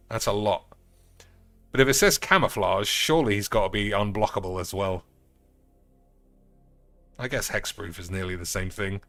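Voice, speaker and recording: A man casually commenting on cards while streaming a game, sarcastic and crude, swearing often and breaking into loud outbursts. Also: fairly low pitch, dry recording.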